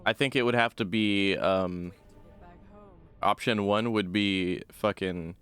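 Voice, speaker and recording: Slow, smooth-voiced man streamer. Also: lowish voice, fairly even intonation, a bit bright. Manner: laughs often, goofy exclamations. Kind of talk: casual gameplay commentary.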